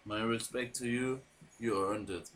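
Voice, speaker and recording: A man hosting a podcast and commentating an online wrestling show. His delivery is emotional and halting, with restarts and repeated words. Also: steady tone, crowd noise. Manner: deeply moved, emotional delivery.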